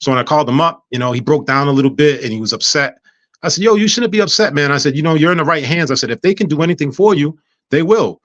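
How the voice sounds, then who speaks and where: A man telling a personal story in casual chat, animated, acting out dialogue with frequent stammers and restarts. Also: a little high, fast talker, no room sound, dull audio. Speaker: guest.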